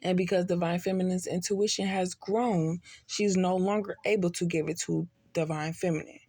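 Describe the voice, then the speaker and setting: A woman's voice: fairly low pitch, steady tone, normal speed, warm tone, breathy edge, dry recording. Woman, tipsy, casual spiritual reading, blunt, cussing, slangy. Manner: blunt, profane, streetwise slang. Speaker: tarot reader.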